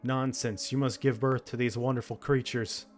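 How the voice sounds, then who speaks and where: A man's voice: mid-range voice, flat delivery, normal speed, faint music behind, natural voice. A man voicing cold godlike hands. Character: many-handed divine entity, cold and judging.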